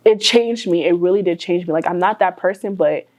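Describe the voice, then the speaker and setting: A woman's voice: on the low side, fairly quick, darkish tone, rough recording. A woman who is a guest in an interview, telling her story in an emotional, casual way with many fillers.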